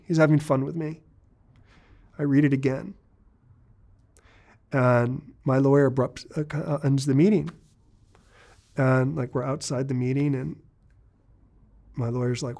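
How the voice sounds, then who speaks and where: A man's voice: medium pitch, steady tone, normal speed, vocal fry, long pauses, a little mellow. Earnest man telling his own story. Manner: earnest, confessional, occasional restarts. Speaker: interview guest. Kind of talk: candid storytelling interview.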